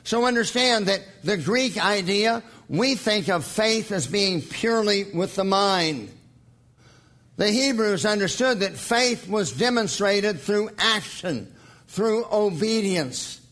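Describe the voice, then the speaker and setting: A man preaching a sermon in an earnest teaching tone, slowing down for emphasis and reading scripture aloud. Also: high voice, lively intonation, fairly bright tone.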